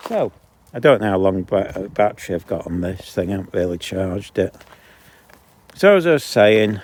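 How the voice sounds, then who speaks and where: A man with a low voice, vlogging while walking his dog along a canal and ranting indignantly between remarks to the dog. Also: lively intonation, moderate pace, darkish tone, slight background noise. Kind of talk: casual outdoor vlog ranting. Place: outdoors on a canal towpath. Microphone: handheld camera.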